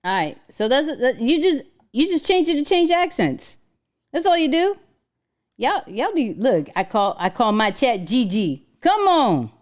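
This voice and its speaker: A woman hosting a casual livestream, talking in an animated, slangy way and laughing often. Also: sits high, unhurried. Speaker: livestream host.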